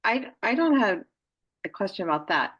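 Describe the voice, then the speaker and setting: A woman's voice: medium pitch, very animated, normal speed, husky, lo-fi sound. A woman taking part in a webinar, asking a question in a hesitant, thoughtful way. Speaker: webinar participant.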